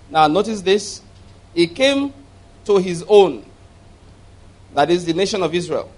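Male pastor, fairly high-pitched, emphatic and repetitive sermon delivery. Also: expressive, unhurried, pauses often. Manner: emphatic, repeats and asks the audience to follow. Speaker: preacher.

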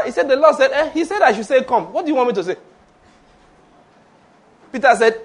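A man delivers a sermon in a high-pitched voice. He laughs between his points, drifts from slow, weighty lines into quick asides, and has the congregation repeat after him. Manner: animated, laughing asides, call-and-response with congregation. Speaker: pastor.

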